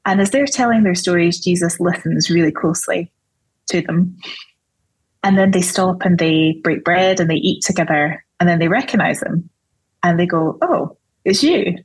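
Husky-voiced woman explaining thoughtfully. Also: on the low side, fairly even intonation, normal speed, no room sound, poor audio. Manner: thoughtful, explanatory, with light laughs. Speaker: theologian guest. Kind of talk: conversational podcast interview.

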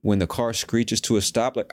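A young man hosting a casual solo podcast, talking in a profane, animated, slangy way. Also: lowish voice. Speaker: podcast host.

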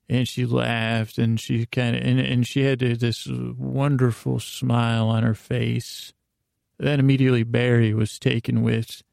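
A man hosting a podcast, telling an improvised comic story in a rambling, halting way with many "he goes" asides. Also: mid-range voice, gravelly, a little mellow, no echo, clean studio sound. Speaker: podcast host.

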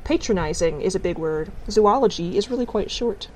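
A woman voicing a clever, precise young girl who speaks calmly and matter-of-factly. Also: medium pitch, normal speed, a little hiss or hum, natural voice, rough recording. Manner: calm, matter-of-fact.

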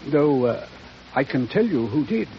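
A man's voice: mid-range voice, big pitch swings, measured pace. An actor playing a nervous, evasive male ship owner in a 1940s radio drama, hesitant and stammering. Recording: dull old radio recording with hiss.

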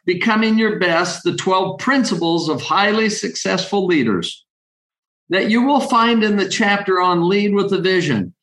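A man reading a children's story slowly and deliberately, then giving a motivational leadership talk. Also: high voice, sharp tone, reverberant, rough recording. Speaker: leadership speaker.

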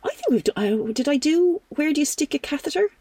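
A middle-aged Irish woman hosts a podcast during a casual phone chat, playful, teasing and quick to laugh. Her voice sits high with big pitch swings and a dark tone, and the recording is dry.

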